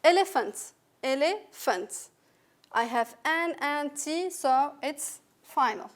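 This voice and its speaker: A woman with a high, light voice and a French accent walks students through English sounds. She is patient and careful, repeating each example word slowly and clearly. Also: fairly bright tone. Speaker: English teacher. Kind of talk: recorded phonetics lesson.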